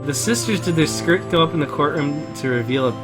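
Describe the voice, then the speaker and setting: A man's voice: a little high, fairly quick, over music. A man chatting casually while playing through a game, rambling with lots of fillers. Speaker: game streamer voicing all the characters. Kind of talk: casual chat over gameplay.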